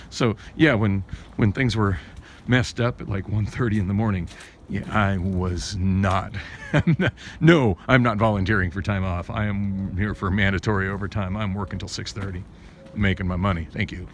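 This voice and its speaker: A man vlogging a rambling story about a bad ride, full of restarts and fillers. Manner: rambling, many restarts and fillers, rising pitch when agitated. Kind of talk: casual storytelling rant. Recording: noisy background.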